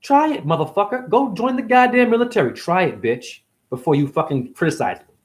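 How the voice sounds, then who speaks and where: A man's voice: high-pitched, big pitch swings, a little fast. A man delivering an angry, confrontational monologue as a self-styled spiritual teacher, swearing constantly. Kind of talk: profane ranting monologue.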